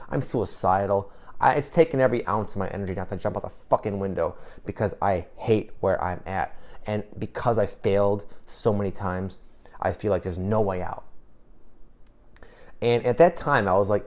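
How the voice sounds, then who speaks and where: A man's voice: on the low side, darkish tone. A man in his twenties telling a personal story to camera in a casual, emotional way, swearing freely and restarting his sentences. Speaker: vlogger.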